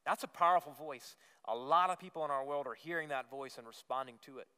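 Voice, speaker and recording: A man's voice: fairly high pitch, quick pace, sharp tone, smooth. A man preaching a sermon as pastor, earnest and emphatic, repeating phrases and rising on key words. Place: church sanctuary. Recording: long reverb of a church hall.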